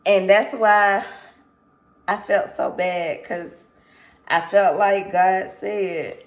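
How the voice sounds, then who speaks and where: A woman's voice: mid-range voice, fairly even intonation, drawn-out words, long pauses. A woman vlogger telling a casual storytime to her viewers, candid and rambling, swearing freely and apologizing as she loses her thread.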